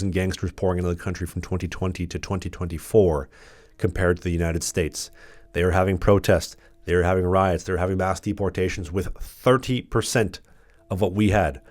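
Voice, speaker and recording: A very low-voiced man ranting into the camera with blunt, combative sarcasm, hammering his points over and over. The sound is close and dry with no room around it. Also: no echo. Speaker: political commentary channel host. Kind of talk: ranting political monologue.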